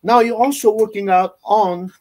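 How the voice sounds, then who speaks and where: A man with an Italian accent teaching an online drum lesson, loosely explaining with many "you know"s and counting beats out loud. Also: sits high, fairly even intonation, moderate pace, slight background noise. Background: drum playing.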